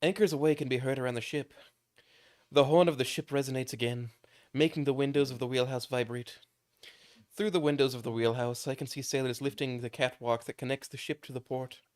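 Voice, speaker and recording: A man's voice: mid-range voice, fairly even intonation, a little fast, a little mellow. Casual man reading game narration. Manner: casual, stumbling over words, laughing. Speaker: streamer reading a visual novel aloud.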